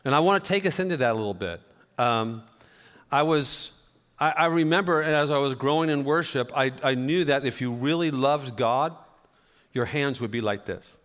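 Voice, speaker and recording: A pastor preaching a sermon, telling conversational, self-deprecating stories. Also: male voice, mid-range voice, normal speed, a bit bright. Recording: long reverb of a church hall.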